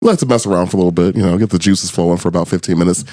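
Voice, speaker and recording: A man's voice: deep voice, racing, warm tone. A man hosting a casual podcast, rambling loosely, swearing freely and laughing often. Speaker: podcast host.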